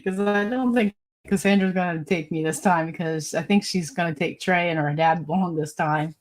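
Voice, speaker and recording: A woman runs a laid-back live stream, reading viewer comments aloud as she goes. Her voice is slightly low for a woman, her pace moderate, and she rambles chattily, laughing often.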